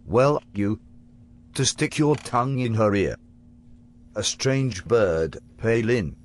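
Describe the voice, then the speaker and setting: A man putting on a raspy, slow-talking clown with a British accent. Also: on the low side, animated. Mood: pompous. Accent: put-on British. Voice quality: raspy from smoking. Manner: slow, pompous, lecturing. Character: drunk chain-smoking future clown, older man, British put-on. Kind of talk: comedy sketch acting.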